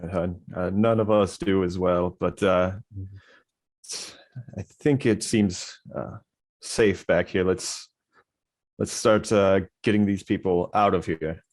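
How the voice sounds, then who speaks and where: A man's voice: deep voice, fairly even intonation, takes it slowly, darkish tone, dry recording. A man playing in a tabletop role-playing game, hesitant and full of fillers as he decides what his character does. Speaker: player.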